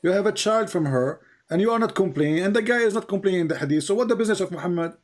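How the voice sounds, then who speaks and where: Guy hosting a debate call, kinda high voice, pushy questions. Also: expressive, racing. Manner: emphatic, questioning, mixes in quoted voices. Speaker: online debate host. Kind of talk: live call-in religious debate.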